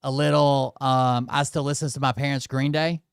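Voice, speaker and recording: A man's voice: medium pitch, steady tone, normal speed, clear, resonant tone, no echo, clean studio sound. A man hosting, giving casual offhand reactions to videos, often muttering and trailing off. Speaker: host.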